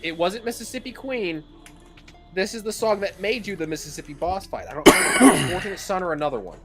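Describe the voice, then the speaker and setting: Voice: mid-range voice, expressive, music in the background. A player in casual gaming banter who teases friends and laughs easily. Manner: teasing, quick to laugh.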